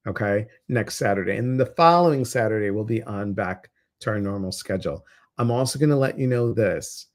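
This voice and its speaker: A man with a Chicago accent hosting a casual livestream, upbeat and excitable as he talks straight to his viewers. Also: medium pitch. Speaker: livestream community host.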